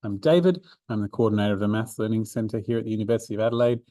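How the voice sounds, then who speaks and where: A man's voice: fairly low pitch, rapid-fire, mellow, no room sound. A man, a maths learning centre coordinator, explains a revision seminar step by step with fillers and restarts. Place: room, drawing notes for an overhead camera.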